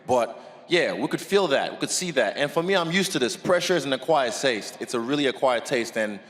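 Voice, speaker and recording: A man's voice: medium pitch, expressive, a little fast, fairly bright tone, in a large hall. A man answering press conference questions as a fighter, laid-back and confident, swearing casually.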